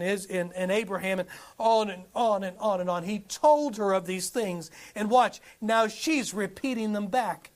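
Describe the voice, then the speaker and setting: A man's voice: high voice, normal speed. A man preaching a sermon, reading scripture aloud and asking the congregation rhetorical questions. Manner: animated, asks many rhetorical questions, reads scripture aloud.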